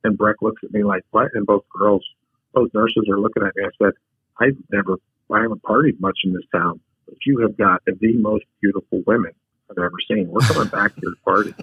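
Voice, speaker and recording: A man's voice: fairly low pitch, fairly quick, husky, no echo. A man telling a frank personal story as a podcast guest, a take-charge talker who often restarts his sentences. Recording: tinny phone-like line.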